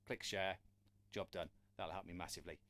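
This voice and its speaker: A man's voice: low voice, steady tone, fairly quick, pushed and bright. Chatty man teaching drums live. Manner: chatty, encouraging, asks viewers for questions. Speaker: drum teacher. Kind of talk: live-streamed drum lesson. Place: room with a drum kit. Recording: drums and counting heard behind.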